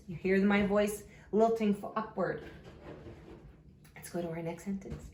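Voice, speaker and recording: A woman's voice: mid-range voice, steady tone, a little mellow, roomy sound. A woman teaching a remote phonics lesson to young children, talking in a sing-song way and stretching her questions upward. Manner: slow, sing-song, exaggerated question intonation. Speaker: elementary school teacher.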